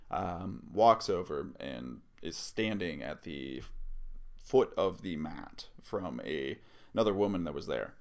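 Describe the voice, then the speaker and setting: A man tells a story on his vlog in a casual, rambling way, filling it with ums and asides. His voice sits very low, with a gravelly, fry-heavy edge. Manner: rambling, many fillers and asides. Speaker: vlogger. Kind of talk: casual first-person storytelling.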